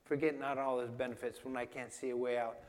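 A man's voice: medium pitch, little pitch movement, quick pace. A man preaching a sermon in an emphatic, conversational way, asking his listeners questions. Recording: long reverb of a hall.

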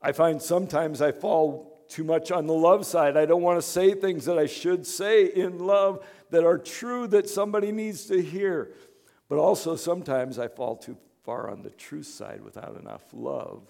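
A man pastor giving a conversational sermon, dropping to hushed asides and rising to emphatic points. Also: on the high side, normal speed, gravelly. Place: church in Chicago.

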